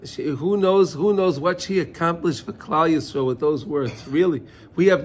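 A man's voice: fairly high pitch, normal speed. A man teaching a Torah class, often repeating words and asking his listeners questions as he explains a text. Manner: repeats words, asks listeners questions, mixes Hebrew terms.

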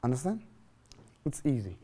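Lively man teaching grammar. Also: medium pitch, normal speed, slightly rough. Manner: lively, questioning, repeats phrases to students. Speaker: English teacher. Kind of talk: classroom grammar lesson.

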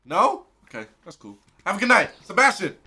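High-voiced, shouting comedic gamer man. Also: huge pitch swings, brisk. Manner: loud, joking, profane, reacts with shouts. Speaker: gaming streamer. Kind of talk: comedic live game commentary.

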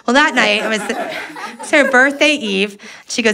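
A woman doing stand-up comedy, telling a story in a sarcastic, animated way into a handheld mic on a club stage. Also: fairly high pitch, moderate pace, vocal fry, crowd noise. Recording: live audience laughing around.

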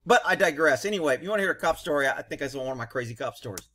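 A former police officer talks over footage, blunt and profane, mixing commentary with his own war stories. His voice sits a little high for a man. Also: very fast, hardly any pauses, a bit bright. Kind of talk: casual video commentary.

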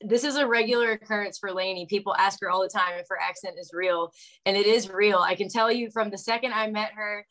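A woman's voice: mid-range voice, fairly even intonation, brisk, a bit bright, rough recording. Woman, young adult, casual radio interviewer, chatty, giggly, mid-range voice. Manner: chatty and giggly, with many fillers. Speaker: guest interviewer.

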